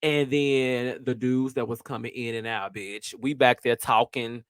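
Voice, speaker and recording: A man's voice: medium pitch, fairly even intonation, a little slow, a bit bright, smooth, no room sound, studio quality. A man hosting his show, telling a story in a brash, profane, sassy way. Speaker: host. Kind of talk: casual storytelling.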